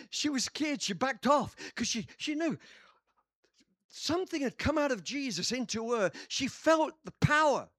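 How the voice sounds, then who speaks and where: A man preaching a sermon, telling a story dramatically and acting out quotes with sudden shouts. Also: high voice, dry recording, clean studio sound.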